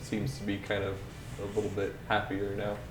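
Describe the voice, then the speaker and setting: A man with a fairly low voice narrates a tabletop game as game master, rambling loosely through the scene with plenty of fillers. The room is echoey, and a clear background hiss sits under his voice. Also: monotone, moderate pace.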